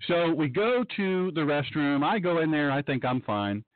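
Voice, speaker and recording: A man hosting a radio show and preaching in an excitable, animated monologue, sometimes mocking others in a high voice. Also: moderate pace, dry recording. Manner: excitable, breaks into mocking high-pitched impressions. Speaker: radio show host and pastor. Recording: tinny phone-line sound.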